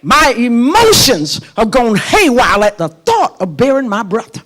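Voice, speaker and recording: A woman's voice: a little high, big pitch swings, measured pace, a bit bright. A middle-aged woman pastor preaching a sermon in a church. She tells a personal story with passion and speaks straight to her congregation. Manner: impassioned, personal storytelling, addresses the congregation directly. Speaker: pastor and prophet.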